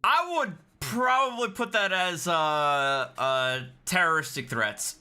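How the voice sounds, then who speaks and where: A man's voice: on the high side, expressive, pushed and bright, smooth. A man hosting a channel, chatting casually and reading out viewer messages. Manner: quick, chatty, apologetic asides. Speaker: commentary channel host.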